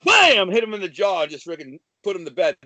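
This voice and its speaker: A man from Detroit with a notably high voice spins swaggering stories as a guest, talking casually and bursting into animated, profane asides. The sound is close and dry, with no room around it. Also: quick pace, dry recording. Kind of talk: casual storytelling.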